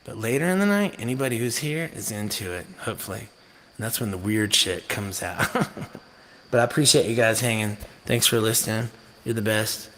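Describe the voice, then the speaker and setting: A man from North Carolina, a musician chatting to his live-stream viewers in a rambling, jokey, animated way. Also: fairly low pitch, brisk, slight background noise. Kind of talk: casual chat on a live stream.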